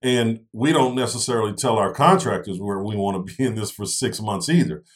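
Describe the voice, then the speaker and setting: On the low side and brisk, this co-host walks listeners through real estate investing one step at a time in a casual talk. He keeps checking in with "right?" and "okay?" as he explains.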